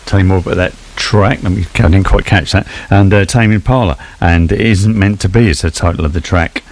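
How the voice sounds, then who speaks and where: A man presenting as a radio DJ, introducing tracks in a halting way, stumbling with frequent fillers. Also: deep voice. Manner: hesitant, stumbling, many fillers.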